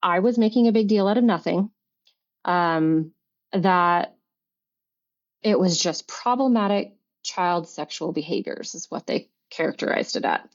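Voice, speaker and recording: A middle-aged woman, a podcast guest, telling a personal story in an earnest, halting way with many restarts and fillers. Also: lowish voice. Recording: dull lo-fi recording.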